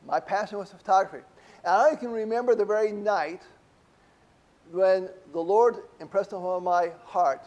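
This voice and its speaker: A man's voice: high voice, darkish tone. A middle-aged man preaching a conversational sermon to a congregation, asking rhetorical questions as he talks. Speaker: pastor.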